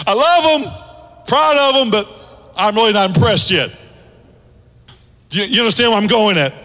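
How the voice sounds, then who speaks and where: Man, pastor, sermon, animated, shouts at peaks, bright tense tone, reverberant hall. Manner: animated preaching with big pitch swings and shouted peaks. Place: large church hall.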